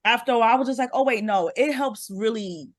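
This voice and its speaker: A woman guest on a podcast, telling a story with lively energy and acting out the voices of the people in it. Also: fairly high pitch, fast talker, no echo, clean studio sound. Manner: animated storytelling, acts out others' lines. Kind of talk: casual chat.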